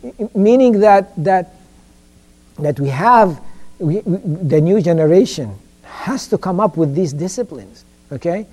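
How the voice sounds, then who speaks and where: A man's voice: high-pitched, animated, a little mellow. A man giving an informal religious education lecture, stumbling and repeating words and often checking in with "okay?". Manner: halting, repeats words, keeps asking "okay?".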